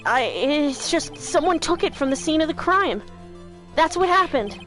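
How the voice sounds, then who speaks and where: A woman's voice: high-pitched, animated, measured pace, fairly bright tone, soft background music. A woman voicing a flustered young male defense lawyer who stammers and raises his voice in a panic.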